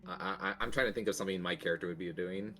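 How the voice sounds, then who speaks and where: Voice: low-pitched, rapid-fire, sharp tone, soft background music. A player in a tabletop game on a stream, chatting casually and playfully. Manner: joking, playful.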